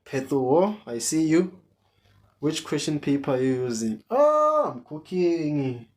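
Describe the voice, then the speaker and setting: A maths tutor leads an online lesson at an unhurried pace. The voice sits at a middling pitch, and each question gets asked several times over to draw the students in. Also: mellow.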